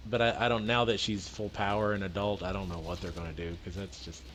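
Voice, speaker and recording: A man hosting a geek news podcast, going through the news in a calm, matter-of-fact casual chat with dry humor. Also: low-pitched, fast talker, a little hiss or hum. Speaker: podcast host presenting news.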